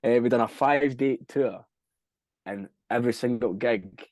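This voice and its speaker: A man's voice: mid-range voice, a little slow, a little mellow, no room sound. Rambling, swearing Scottish man. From Scotland. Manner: rambling, swears freely, loses track of dates. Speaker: band frontman, podcast guest. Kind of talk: casual interview chat.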